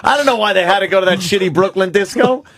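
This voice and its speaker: A man's voice: high-pitched, fast, fairly bright tone. Profane New man telling stories. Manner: profane storytelling, laughs often. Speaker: radio co-host. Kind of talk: casual radio banter.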